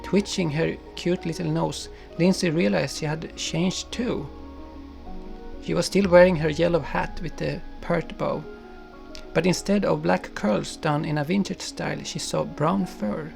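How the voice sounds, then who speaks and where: A man narrating a storybook in a gentle, unhurried manner. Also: fairly high pitch, fairly even intonation. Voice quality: gravelly. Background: soft guitar music.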